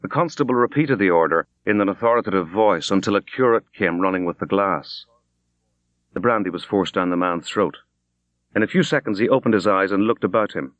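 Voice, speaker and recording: A man with a low voice narrates literary fiction in a measured, grave and unhurried way. The recording sounds dull and close, with a very dry booth and no room sound. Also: a bit bright, no room sound. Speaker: audiobook reader.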